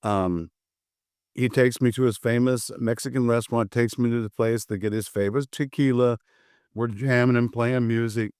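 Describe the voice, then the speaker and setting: A man's voice: medium pitch, steady tone, normal speed, darkish tone, clear, resonant tone, dry recording, studio quality. An older American man, a martial arts instructor, telling a story casually and acting out both sides of old conversations. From USA.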